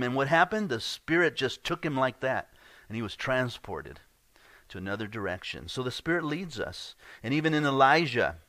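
A man's voice: mid-range voice, fairly bright tone, no echo. A man preaching a sermon as pastor, earnest and conversational, often repeating words as he goes.

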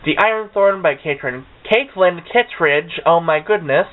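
A young man with a somewhat high, smooth voice chats in a gushing way and makes fun of himself now and then. The sound is thin and tinny, as if from a cheap webcam mic. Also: lively intonation, moderate pace. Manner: chatty and gushing, with self-mocking asides. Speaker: book vlogger. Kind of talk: casual chat.

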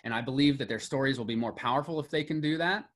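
Middle-aged guy teaching a class, medium voice, gets animated on lists then trails off quiet. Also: mid-range voice, quick pace. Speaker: mythology lecturer. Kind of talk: classroom lecture.

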